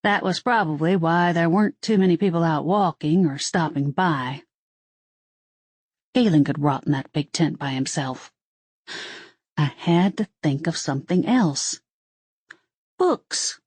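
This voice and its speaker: A woman's voice: low-pitched, a little slow, long pauses, a little mellow, husky, no echo. A woman narrating a first-person audiobook in a wry storytelling manner.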